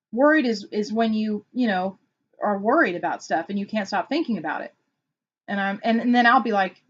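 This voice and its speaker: Dull audio carries the fairly quick, medium-pitched voice of an Enneagram consultant. On her informal vlog she discusses personality types, animatedly telling stories and voicing quotes.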